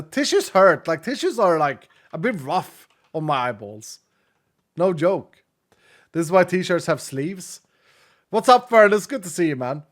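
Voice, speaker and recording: Reading out messages from his live chat, a late-thirties male streamer talks casually in a voice a bit high for a man. He gushes with open emotion and laughs often between lines.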